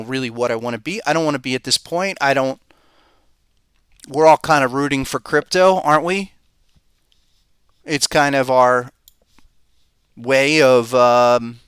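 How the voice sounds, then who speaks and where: A man's voice: mid-range voice, fairly bright tone, clear, resonant tone, no echo, clean studio sound. A man hosting a live market commentary podcast, talking casually and thinking aloud with rhetorical questions. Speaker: podcast host and market analyst.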